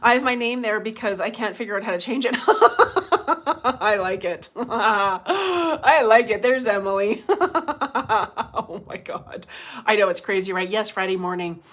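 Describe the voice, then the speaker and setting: A woman's voice: medium pitch, fairly even intonation, normal speed, a bit bright. A middle-aged woman hosting a casual livestream as a medium, chatty and laughing often as she greets viewers by name, speaking into her phone.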